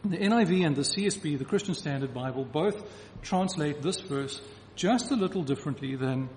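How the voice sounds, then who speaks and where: A man's voice: on the high side, animated, fairly quick, darkish tone, a little hiss or hum. Man preaching in an echoing hall. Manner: emphatic, repeats key phrases for the congregation. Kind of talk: sermon. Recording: reverberant hall with faint ambience.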